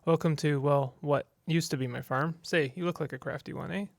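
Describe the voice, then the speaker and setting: A man reading aloud the lines of a burly, blunt farmhand in a game, quiet and plain. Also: on the high side, fairly even intonation, a little fast, gravelly, no room sound, clean studio sound.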